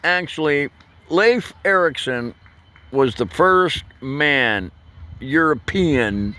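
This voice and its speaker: A man, rambling through a profane, loose vlog monologue that swings between loud bursts and low mutters. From United States. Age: 60s. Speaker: vlogger.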